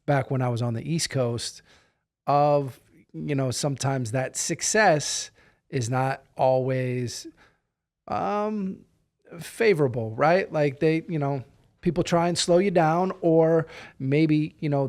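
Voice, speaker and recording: Podcast host: man with a slightly raised pitch, easy affirming manner. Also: measured pace, a little mellow. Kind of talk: casual interview chat.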